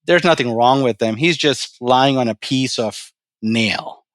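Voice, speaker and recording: A man voicing a laid-back old farmer in a spoken anecdote, calm and matter-of-fact. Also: mid-range voice, a little slow, no echo, lightly acted.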